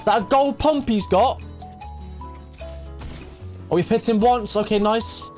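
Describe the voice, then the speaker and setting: A young man giving live commentary over his own gameplay, swinging from muttering to excited shouts. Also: high-pitched, slow pace, soft background music. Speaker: gaming streamer.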